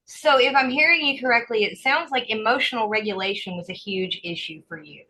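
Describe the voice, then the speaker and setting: Woman, podcast host, interviewer, measured questions, bright tense voice, slightly high. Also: slight background noise, poor audio.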